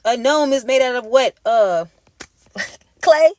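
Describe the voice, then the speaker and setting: Her voice sits on the high side with a darkish tone, moving at a moderate pace with no echo. She's a tarot reader whose intuitive monologue plays out as a forceful, foul-mouthed pep talk full of street slang.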